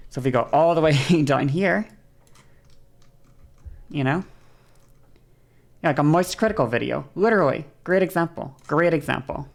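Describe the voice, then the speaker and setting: A woman streamer explaining something casually, with a bouncy, varied delivery that speeds up and slows down and swears freely. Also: animated, vocal fry. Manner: bouncy, varied pitch and shifting pace.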